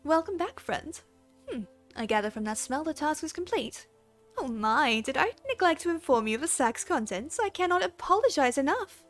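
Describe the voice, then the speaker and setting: A woman's voice: sits high, big pitch swings, moderate pace, soft background music, voice pushed up. A woman voicing a formal, overly polite game quest giver. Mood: apologetic.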